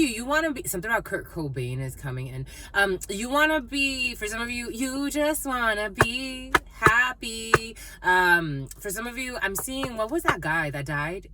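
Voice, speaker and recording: Bright, animated woman giving a reading. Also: on the low side, slight background noise. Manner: rambling, playful, laughs often, terms of endearment. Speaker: psychic tarot reader. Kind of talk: casual intuitive collective reading.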